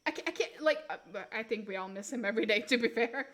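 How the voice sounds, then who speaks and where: Woman streamer, high bright voice, unhurried, giggly and self-mocking. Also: animated. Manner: giggly, self-mocking, keeps trying silly accents. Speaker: live streamer doing tarot readings. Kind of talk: casual live-stream chat.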